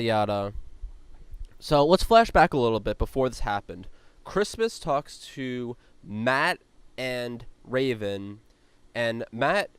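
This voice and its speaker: A man's voice: medium pitch, clear, resonant tone, no room sound. A man hosting a podcast, recapping a reality show in a chatty way with lots of "like" and frequent swearing. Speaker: podcast host.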